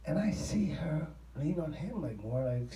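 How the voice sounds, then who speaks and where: A man being interviewed, telling a rambling anecdote in an excitable, profane way. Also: a little high, unhurried, a little hiss or hum. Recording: roomy sound from a distant mic.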